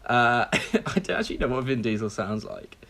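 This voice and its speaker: Man rambling through a comedic pitch. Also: expressive, moderate pace, fairly bright tone. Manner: enthusiastic, rambling, prompting with "okay?". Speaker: podcast co-host pitching a movie idea. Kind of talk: casual comedic chat.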